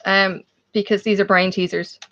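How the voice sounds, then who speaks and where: A woman's voice: mid-range voice, level tone, moderate pace, a bit bright, slight background noise. Chatty Australian woman host; rambling, easy live-chat delivery with frequent laughter, a bit muffled. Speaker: livestream host. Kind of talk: casual chat with live viewers.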